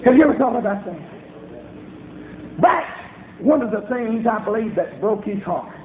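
A man preaching a revival sermon with fervent, rhythmic shouting bursts. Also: high-pitched, lively intonation, normal speed. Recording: echoey room over a tinny phone-like line.

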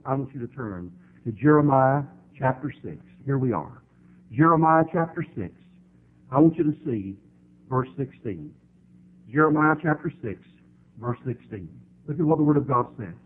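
A man from the American South with a Southern drawl, preaching an impassioned sermon that swells to loud climaxes and slows down for emphasis. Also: mid-range voice, expressive, husky. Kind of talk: fiery sermon. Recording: tinny narrow-band broadcast audio.

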